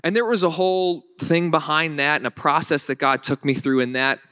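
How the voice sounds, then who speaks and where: A man's voice: fairly high pitch, fairly quick, clear, resonant tone, no room sound. Conversational man preaching, dry sound. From Northern Virginia. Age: late 20s. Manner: conversational, energetic preaching with frequent restarts. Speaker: pastor. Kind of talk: sermon.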